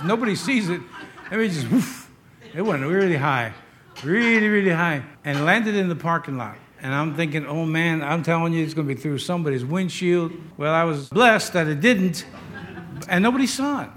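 Pastor guy preaching, kinda high voice, funny stories, repeats stuff for emphasis. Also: fairly bright tone. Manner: storytelling with humor, repetitive emphasis. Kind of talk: sermon.

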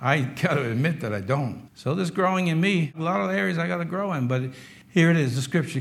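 A man in his sixties preaching a sermon in a conversational way, with wry humor, moving between loud emphasis and quiet asides. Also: on the high side, lively intonation, a little fast, gravelly. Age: 60s. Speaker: pastor.

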